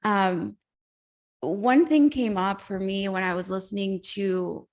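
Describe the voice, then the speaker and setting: Woman coach giving a heartfelt pep talk on a video call, encouraging, laughs softly. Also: mid-range voice, takes it slowly. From Mexico. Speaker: life coach speaker.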